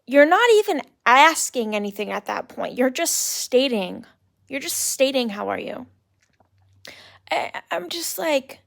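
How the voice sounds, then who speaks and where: High-voiced young woman with vocal fry. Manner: exasperated, mocking mimicry of others; casual filler-heavy speech, "like" and "literally". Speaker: podcast host. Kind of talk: casual solo rant.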